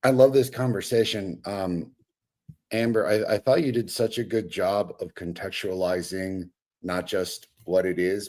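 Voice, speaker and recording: A man's voice: low-pitched, darkish tone. A man with an El Paso Mexican American accent, co-hosting a casual panel talk and thinking aloud with many fillers and restarts. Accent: El Paso Mexican American English. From El Paso, Texas. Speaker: podcast co-host.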